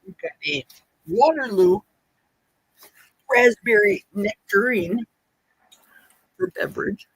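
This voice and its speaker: A woman's voice: mid-range voice, animated, slow pace, long pauses, slightly rough, no echo. A woman chatting casually on a live stream, eating as she talks and reading viewer comments aloud in her kitchen. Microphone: streaming mic.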